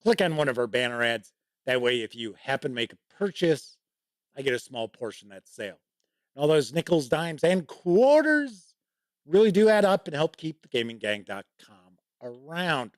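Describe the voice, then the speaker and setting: A man's voice: a little high, very animated, normal speed, no echo, studio quality. A man hosting a casual livestream show, rambling with many asides and reading out viewer chat comments. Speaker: show host.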